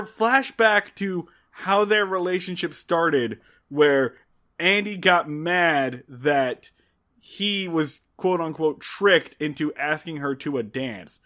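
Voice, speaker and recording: A man's voice: high-pitched, lively intonation, a little slow, fairly bright tone. A man co-hosting a podcast, recapping an old TV episode in casual chat, wry and exasperated, acting out characters' lines. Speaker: podcast co-host.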